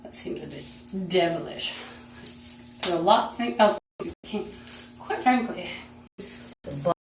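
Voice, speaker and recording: A woman talking on a phone live stream, rambling and jumping between topics, swinging from loud outbursts to muttering. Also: lowish voice, lively intonation, measured pace, roomy sound, recorded from a distance, poor audio. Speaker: livestreamer.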